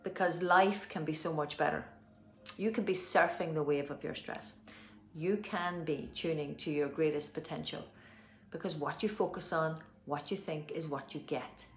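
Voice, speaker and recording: A woman with an Irish accent leading a guided tapping session, giving gentle instructions and slow, soothing affirmations. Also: deep voice, fairly even intonation, slight background noise. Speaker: tapping practitioner. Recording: roomy echo.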